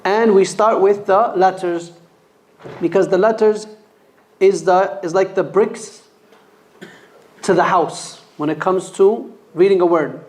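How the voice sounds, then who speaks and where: A man's voice: high voice, fairly even intonation, takes it slowly, long pauses, darkish tone. A man teaching a Quran reading class in a mosque, sounding out letters for students to repeat. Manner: repeats letters for students to echo, stressing pronunciation. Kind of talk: classroom recitation lesson.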